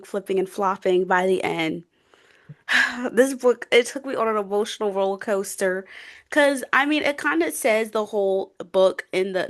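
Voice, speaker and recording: A young adult woman co-hosting a book chat, bubbly and gushing, full of fillers and giggles. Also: mid-range voice. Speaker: co-host of a book podcast. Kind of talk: casual chat.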